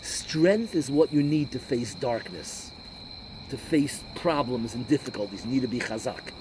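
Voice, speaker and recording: A rabbi preaching an animated sermon, sprinkling Hebrew and Yiddish terms through his English. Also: medium pitch, a little slow, background noise.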